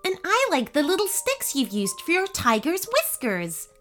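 Sweet, delighted little girl with a lively lilt, read by a woman. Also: very high voice, normal speed, faint music behind, voice pushed up, exaggerated voice. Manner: squealing, gushing.

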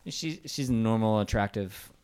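A man's voice: lowish voice, moderate pace, darkish tone, clean tone. A man hosting a casual late-night podcast from a small home studio, joking, swearing freely and laughing often. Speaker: podcast host.

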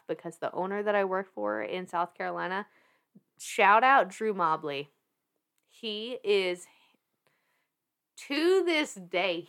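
A woman in her thirties with a Southern US accent, telling a story as a podcast guest in a casual, animated way, laughing often, swearing and restarting her sentences. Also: fairly low pitch.

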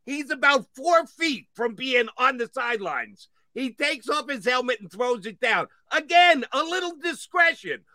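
A man's voice: extremely high pitch, unhurried, hardly any pauses, dry recording. A middle-aged man hosting a sports talk show, ranting and getting worked up over referee calls. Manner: animated, gets worked up, ranting. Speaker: sports radio host.

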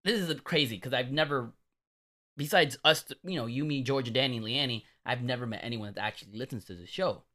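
A man co-hosting a comedic podcast, an animated storyteller who acts out the voices in his stories. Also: mid-range voice, brisk. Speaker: podcast co-host.

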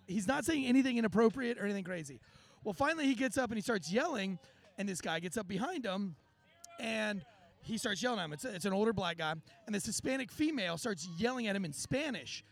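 Brief: male podcast host, high gravelly voice, dry close mic, animated swearing storyteller. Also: quick pace. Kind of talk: casual chat, storytelling.

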